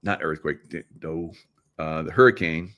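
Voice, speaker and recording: A man's voice: very deep voice, moderate pace, fairly bright tone. A middle-aged man hosting a casual livestream monologue in a conspiratorial tone. He talks straight to his viewers, asks them questions and laughs at his own jokes. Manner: conspiratorial, joking asides, laughs at own lines. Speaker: show host.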